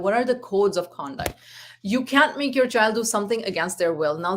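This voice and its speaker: A woman's voice: medium pitch, fairly bright tone. A woman in her forties, a parenting coach, giving a live talk and telling stories from home with quoted exchanges. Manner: earnest, storytelling with acted quotes.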